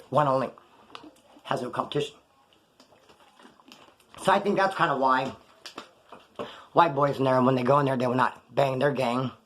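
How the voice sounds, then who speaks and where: Middle-aged man, fairly high voice, rambling profane monologue about prison days. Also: a bit bright. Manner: profane street slang, rambling. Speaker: storyteller recounting prison life. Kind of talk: casual monologue.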